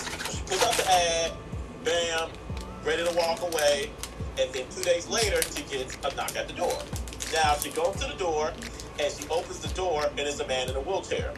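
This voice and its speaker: A man's voice: fairly high pitch, normal speed. A man co-hosting a live show, telling a joke in a laid-back, rambling way. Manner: laid-back storyteller, filler-heavy. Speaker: co-host. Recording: distant mic, music behind.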